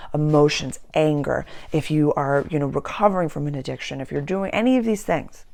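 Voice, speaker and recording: Low gravelly-voiced woman astrologer. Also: a little mellow. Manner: earnest, slows down for emphasis, repeats words. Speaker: astrologer and channeler. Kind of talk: casual spiritual talk.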